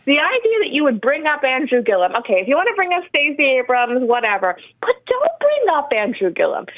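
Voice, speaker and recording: A woman's voice: high voice, no room sound. Woman on a dull, dry line. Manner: steady, opinionated commentary. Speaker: radio co-host. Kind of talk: casual political talk radio.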